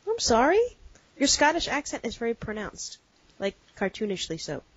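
A woman's voice: mid-range voice, animated, a little fast, fairly bright tone, husky, dry recording. Dry-witted woman, close dull mic. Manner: dry, teasing asides. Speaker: podcast co-host. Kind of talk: casual chat.

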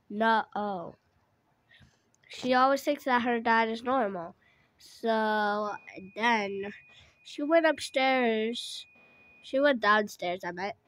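A woman's voice: mid-range voice, fairly bright tone, no echo. A woman telling an improvised story in a rambling way, often stopping to correct herself.

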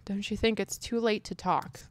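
Woman, gaming streamer, casual gameplay commentary, chatty, exasperated, mild swearing, middle pitch. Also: fairly even intonation, moderate pace, no room sound.

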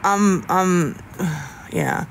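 A young man on a casual livestream, answering chat in a rambling, halting way with many restarts, candid about staying sober. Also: high-pitched, lively intonation, a little hiss or hum.

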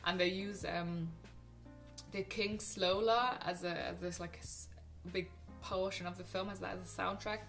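A young woman film vlogger talks a little slowly in a lowish, gravelly and fairly bright voice with a level tone. Faint music sits behind her as she recommends favourite films to camera, chatty and gushing, with frequent ums and restarts.

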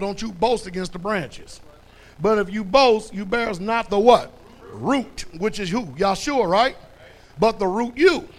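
A man preaching a sermon as pastor, blunt and folksy, who quizzes his congregation with "what?" and builds to loud, emphatic stretches. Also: sits high.

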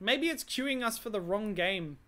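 A gaming host chatting casually and excitably while playing with a guest, laughing easily. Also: mid-range voice, unhurried, slight background noise.

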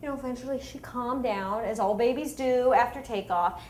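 A woman comedian telling a comic story in an animated, indignant way. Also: fairly high pitch, brisk. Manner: animated, indignant, acts out the people in her story. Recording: roomy echo with faint noise.

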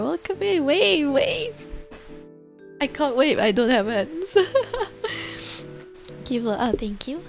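A young woman chats to her stream audience in a slightly high voice, taking her time with each thought. She giggles often and swears casually as she rambles. Her voice is close on the mic, with faint music playing underneath. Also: expressive, slow pace, vocal fry, long pauses. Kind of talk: casual live-stream chat. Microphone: close desk mic. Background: faint background music.

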